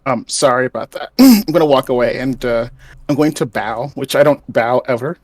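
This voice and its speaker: A man player in a tabletop game who talks in a sheepish, halting way. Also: mid-range voice, a little mellow, no room sound. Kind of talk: casual tabletop game chat.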